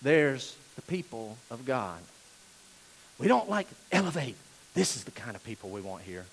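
A man preaching a sermon as pastor, animated and at times shouting. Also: medium pitch, moderate pace, slight background noise.

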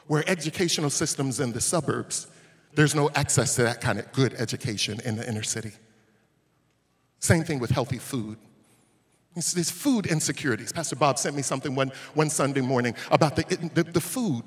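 A male pastor preaching a sermon, telling stories and rising to shouts at the peaks. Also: medium pitch, normal speed, breathy edge. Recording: long hall reverb.

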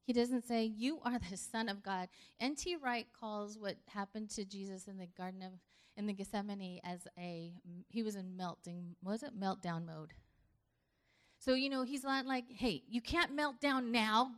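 A woman giving a sermon in a conversational tone, talking to the congregation like friends. She moves between hushed, gentle moments and forceful, emphatic stretches. Her pitch sits in the middle for a woman. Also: normal speed, clean tone. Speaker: preacher.

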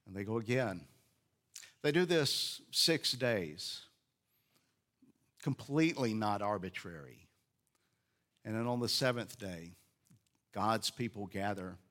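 A man's voice: mid-range voice, a bit bright. A man preaching a sermon, retelling a story in a conversational way with frequent hesitations and restarts. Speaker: pastor.

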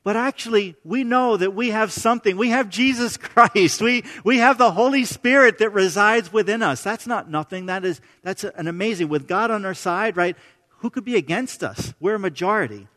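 A man's voice: high voice, moderate pace, bright, forceful tone, in a large hall. A man preaching a sermon in a conversational way, often restarting phrases and checking in with "right?".

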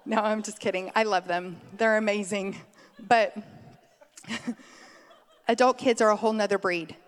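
A middle-aged woman giving a conversational sermon, chatty and quick to laugh, drifting off on tangents. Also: mid-range voice, fairly even intonation. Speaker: preacher. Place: church sanctuary. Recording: long hall reverb.

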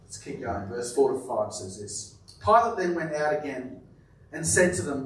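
A man preaching a sermon, emphatic and repeating his words, often dropping to a quiet, stressed delivery. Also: medium pitch, big pitch swings, normal speed, slight background noise. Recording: very echoey room, voice from a distance.

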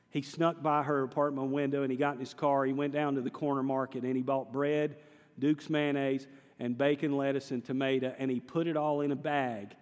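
A male pastor, preaching a sermon with humor and animated storytelling and putting questions to his congregation. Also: mid-range voice, fairly quick. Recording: long hall reverb.

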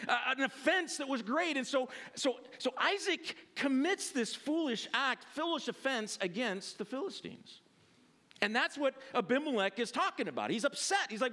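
A male pastor with a high voice that leaps up and down as he preaches. He talks in a relaxed, conversational way, with fillers and restarts, and he puts on voices for the people in the passage. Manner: animated, acts out the people in the story with a raised voice; conversational, with fillers and self-corrections. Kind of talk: sermon with Bible reading.

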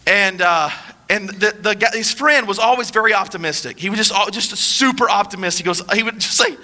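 Male pastor, sermon delivery: emphatic and repetitive, with a high, very bright voice. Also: brisk. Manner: emphatic, repetitive preaching, dropping low for solemn points.

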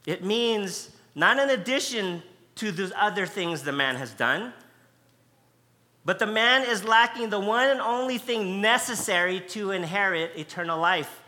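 A man's voice: sits high, expressive, a little slow, bright, forceful tone. A man preaching a sermon, emphatic and conversational, stressing key words by repeating them. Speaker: pastor.

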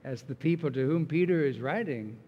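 A man's voice: fairly high pitch, fairly quick, lo-fi sound. A man preaching a sermon as pastor, earnest and emphatic as he walks through scripture. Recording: long reverb of a large hall.

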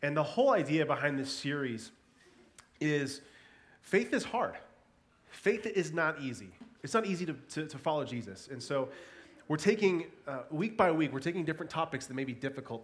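A man in his thirties, a pastor with a cold who sounds congested, giving an earnest sermon and a quiet spoken prayer with hesitant restarts. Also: fairly high pitch, lively intonation, fairly quick. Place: church service.

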